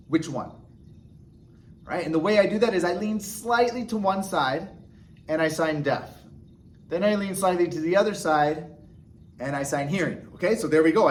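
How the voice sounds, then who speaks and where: A man with a fairly high-pitched voice explains signs to learners one step at a time. He talks patiently and pauses often to check in with a quick "okay?" before moving on. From United States. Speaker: sign language teacher. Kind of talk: instructional explanation.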